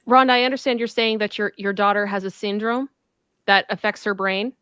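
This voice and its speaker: A woman's voice: medium pitch, fairly even intonation, a little fast, a bit bright, clear, resonant tone, no echo. Earnest, firm woman co-host. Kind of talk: casual livestream chat.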